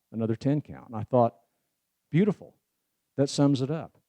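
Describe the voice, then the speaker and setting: Guy teaching a spiritual class, easygoing folksy talk, warm mellow voice, dry close sound. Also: medium pitch, moderate pace, pauses often, dry recording. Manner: folksy, wry asides with many "you know"s. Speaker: spiritual teacher giving a presentation. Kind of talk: casual spoken lecture.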